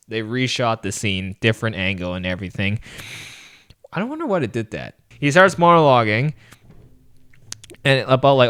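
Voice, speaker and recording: Smooth-voiced man reviewing a movie casually. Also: mid-range voice, moderate pace. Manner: animated, laughs often, acts out quotes. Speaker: podcast co-host.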